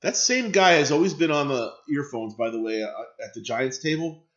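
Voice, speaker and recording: A man's voice: mid-range voice, lively intonation, normal speed, a bit bright, muffled recording. A man hosting a casual live stream, chatting and reacting to viewer comments and swearing freely.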